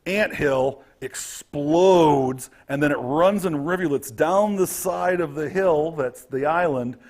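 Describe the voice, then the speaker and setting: Male game master, slightly high, husky, very expressive delivery. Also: takes it slowly. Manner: lively, vivid scene-setting narration. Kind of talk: narrating a tabletop game.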